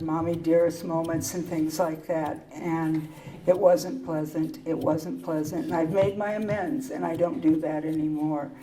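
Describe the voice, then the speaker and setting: An older woman speaking candidly at a recovery meeting, telling her personal story in a wry, halting way with pauses and restarts. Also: fairly low pitch, dark tone, distant mic, a little hiss or hum, low-quality recording.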